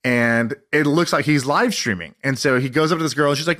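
A man in his thirties co-hosting a podcast, telling stories in an animated way and acting out quotes. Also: medium pitch, a little fast. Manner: animated storyteller, laughs often, acts out quotes. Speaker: podcast co-host. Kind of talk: casual chat.

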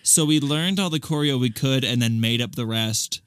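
A young man co-hosting a podcast, chatting casually in an earnest, deliberate manner. His voice sits at a mid pitch. The recording is dry and close. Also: a bit bright, smooth, no room sound. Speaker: podcast co-host. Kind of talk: casual chat.

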